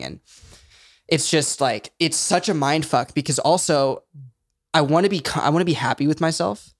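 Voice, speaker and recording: A man's voice: fairly high pitch, moderate pace, no room sound, studio quality. A man who is a podcast guest, talking candidly and earnestly in casual chat, with lots of "like". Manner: candid and earnest, uses "like" often.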